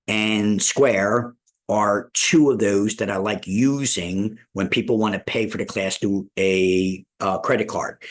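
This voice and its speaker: A man teaching a live online business class, folksy and repetitive, asking "all right?" often. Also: on the low side. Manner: folksy, repeats "all right?" and "ladies and gentlemen". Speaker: real estate school instructor. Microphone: video call.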